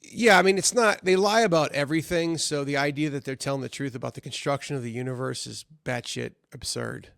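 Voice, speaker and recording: A gravelly-voiced man hosts a casual podcast chat. He talks in a blunt, profane, laid-back way. The sound is close and dry. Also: mid-range voice, fairly quick, hardly any pauses, fairly bright tone, no echo. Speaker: podcast host.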